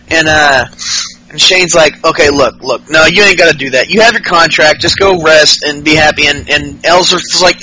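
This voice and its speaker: A man's voice: a little high, normal speed, sharp tone, husky, rough recording. A man hosting a casual, profane podcast recap, acting out wrestlers' lines mockingly in raised voices. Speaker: podcast host.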